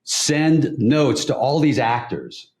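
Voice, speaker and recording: Male guest, lively storyteller, voice moving all over, laughs a lot. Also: medium pitch, slow pace. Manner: animated storyteller, laughs often. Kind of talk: casual podcast chat.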